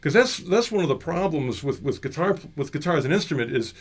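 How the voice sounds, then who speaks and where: A man, a guest guitarist, chatting casually in an interview and explaining things playfully with a lively voice. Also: fairly quick, slightly rough. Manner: playful, imitates singers' high notes in his explanations. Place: music store studio. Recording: guitar playing behind the voice. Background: guitar playing.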